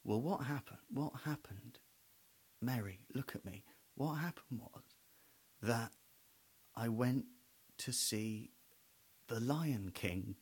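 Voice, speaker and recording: A man's voice: mid-range voice, slow pace, long pauses, darkish tone, breathy edge, pitched below the performer's own voice. Flustered husband played by a man, faltering, mumbled pleading. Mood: sheepish. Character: flustered sheepish middle-aged husband.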